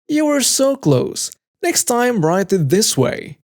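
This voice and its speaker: A man voicing a condescending, controlling young wife who corrects her husband in a drawn-out, patronizing sing-song. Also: very high voice, big pitch swings, voice pushed up, exaggerated voice.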